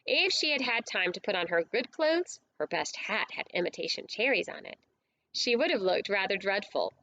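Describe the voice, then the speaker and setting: A woman reading a storybook aloud as an audiobook narrator, with clear, steady storytelling. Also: medium pitch, moderate pace, muffled recording, a little hiss or hum.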